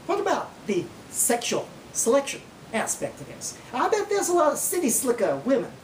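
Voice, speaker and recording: A man's voice: very high-pitched, wildly swooping pitch, normal speed, recorded from a distance, a little hiss or hum, exaggerated voice. A man playing Charles Darwin as a folksy Oklahoma man, giving a comic mock lecture with an Oklahoma accent and a drawling, point-by-point manner, recorded in a roomy space away from the mic. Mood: folksy lecturing.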